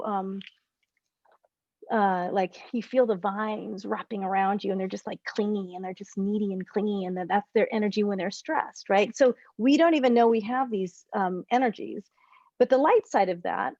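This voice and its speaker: This woman, a relationship coach with a mid-range voice, guides a group over video call, explaining things in an animated, wandering way and often starting sentences over to correct herself. The sound is lo-fi with no room sound.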